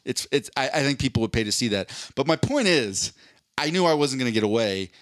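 A man's voice: medium pitch, expressive, a little fast, no room sound, clean studio sound. A man co-hosting a podcast who tells a long story in casual, profane chat and acts out voices as he goes. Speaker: podcast co-host.

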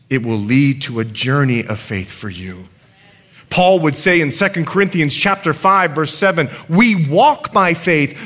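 Animated high-voiced male pastor preaching. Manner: animated storytelling, swings from shouting to quiet. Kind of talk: sermon.

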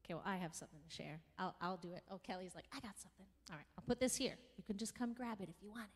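A woman's voice: medium pitch, racing, breathy edge. A woman who teaches worship dance, telling a story at a church sharing time and acting out the voices of the people in it. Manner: animated storytelling, acts out voices in quotes. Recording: long reverb of a large room.

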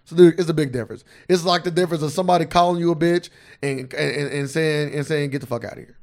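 A man co-hosting a casual podcast, ranting and swearing freely, his voice jumping up high and loud when he gets heated. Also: steady tone, fast, gravelly. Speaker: podcast co-host.

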